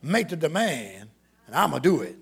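Shouting, gravelly high-voiced preacher. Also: male voice, very animated, moderate pace. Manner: shouting, call-and-response, repeating words. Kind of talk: sermon. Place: church with congregation.

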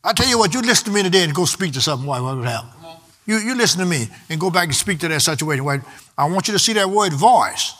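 Casting: male preacher, high bright voice, emphatic, call-and-response delivery. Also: animated, fast talker. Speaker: pastor. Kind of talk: sermon.

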